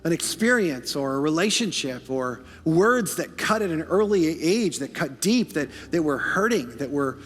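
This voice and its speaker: A man preaching as pastor in a church, swinging from hushed to fervent with quick asides. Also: fairly high pitch, lively intonation, big-room sound. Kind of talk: sermon. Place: church sanctuary.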